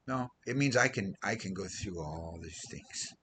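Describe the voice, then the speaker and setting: A man's voice: sits low, animated, normal speed, fairly bright tone, slight background noise, low-quality recording. A man preaching an informal sermon as a missionary, rambling and losing his train of thought now and then. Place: Philippines.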